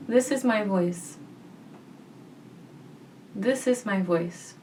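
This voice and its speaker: A young woman guiding a gentle voice practice in a soft, calm, reassuring way. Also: mid-range voice, drawn-out words, recorded from a distance, slight background noise. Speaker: voice teacher.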